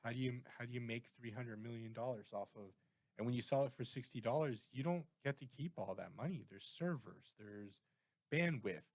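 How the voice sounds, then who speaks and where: A man's voice: medium pitch, fairly quick, no echo. A Canadian man co-hosting a podcast, chatting casually and rambling off on tangents. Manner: rambling, animated, goes off on tangents. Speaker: podcast co-host. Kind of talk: casual chat.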